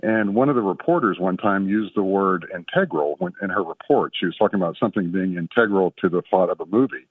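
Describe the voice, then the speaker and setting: Man, 50s, from Florida, radio caller, chatty and earnest, quick talker, phone line sound. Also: low voice, slightly rough, dry recording, far from the mic. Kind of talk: call-in radio question.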